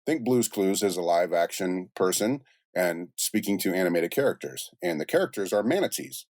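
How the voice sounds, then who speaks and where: A middle-aged man, a voice actor and music producer, telling stories in a relaxed interview with many restarts and asides. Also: low voice, normal speed, dry recording, clean studio sound. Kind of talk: casual interview chat.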